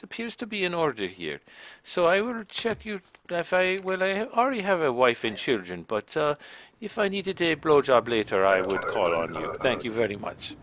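A man's voice: a little high, a bit bright. A man streaming a game live, talking to the on-screen travelers in a stiff, formal border-inspector manner. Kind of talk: live gameplay commentary.

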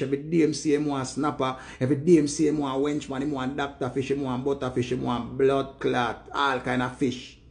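A man's voice: fairly high pitch, vocal fry, darkish tone. A grieving man with a Jamaican accent, talking emphatically and repeating himself in patois. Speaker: vlogger. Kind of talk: emotional monologue to camera.

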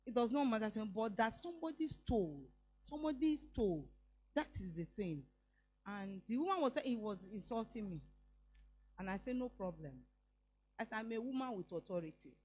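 Nigerian woman preacher, middle-aged, higher voice, emphatic storytelling sermon. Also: animated, normal speed, darkish tone. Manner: storytelling, switching into Yoruba phrases; emphatic, voice rising on declarations.

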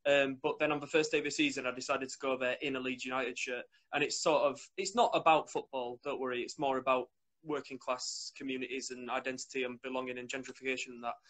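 A man's voice: mid-range voice, little pitch movement, fast, a bit bright. A young man with a Yorkshire accent, a guest poet introducing and reading his poem in a casual, dry way.

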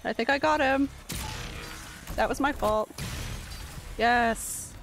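A woman streamer giving live gameplay commentary, excitable, yelping and talking to herself as she plays. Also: on the high side, takes it slowly, vocal fry, faint music behind. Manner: excitable, yelps and talks to herself while playing. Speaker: game streamer. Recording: steady background noise.

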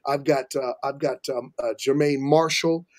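A man's voice: medium pitch, steady tone, normal speed, no echo, studio quality. A man hosting a live-stream talk show in a folksy, preacherly manner, full of fillers and restarts. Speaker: host.

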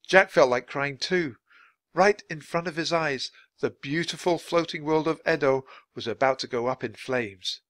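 A man's voice: a little high, moderate pace, fairly bright tone, dry recording. A man reading a children's chapter book aloud at natural speed for language learners, with dramatic expression. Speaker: narrator.

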